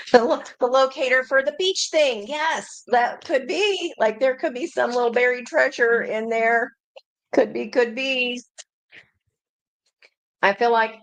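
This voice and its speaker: A woman's voice: medium pitch, no room sound. A woman giving a chatty live tarot reading, talking intuitively and laughing and exclaiming often. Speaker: tarot reader.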